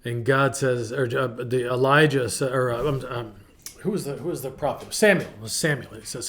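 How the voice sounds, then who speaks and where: Middle-aged male host, casual devotional talk, mid-pitched and chatty, acts out voices. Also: a little fast. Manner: chatty and animated, acts out quotes in varied voices. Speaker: ministry podcast host.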